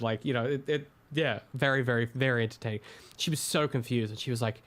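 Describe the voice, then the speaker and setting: A man's voice: mid-range voice, fast, a bit bright. Casual Australian man, sweary podcast chat. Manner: loose and swearing, with many ums and restarts. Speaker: podcast co-host. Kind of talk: casual critical discussion.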